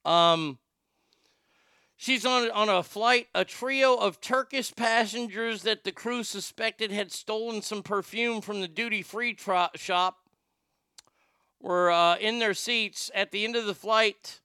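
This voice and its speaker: High bright guy riffing on a podcast, crisp dry mic, loud then mumbly. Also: slow, dry recording. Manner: animated, swings between loud outbursts and muttered asides. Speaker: show host. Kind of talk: comedic podcast rant.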